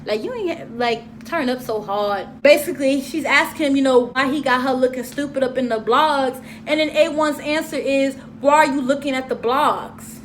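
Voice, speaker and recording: High-voiced, profane woman reviewing TV. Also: moderate pace, few pauses, slight background noise. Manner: profane, animated, sassy commentary. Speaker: TV show reviewer. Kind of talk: casual solo review vlog.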